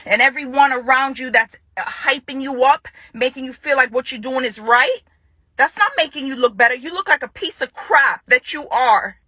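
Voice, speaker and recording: Furious woman with a bright, sharp voice. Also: high voice, normal speed, no room sound. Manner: furious, confrontational, repeats phrases for emphasis. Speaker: woman addressing her ex-partner in a public video. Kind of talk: angry public statement.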